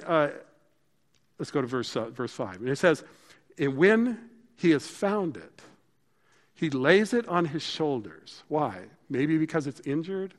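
A male pastor delivers a sermon in a chatty, conversational way, his voice sitting a little higher than most men's. He swings from animated bursts to quiet, hushed moments, and a long hall reverb trails each phrase.

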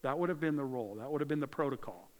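A man preaching a sermon in a conversational way, swinging between loud emphasis and hushed moments, in a church. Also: medium pitch, expressive, rapid-fire. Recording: long hall reverb.

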